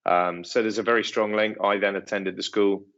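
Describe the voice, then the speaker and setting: A middle-aged man answers interview questions, pausing often and restarting his sentences. His voice is very low and keeps to a flat, even line. The sound is dull and muffled. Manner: hesitant, full of ums and restarts. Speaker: estate owner, interview guest.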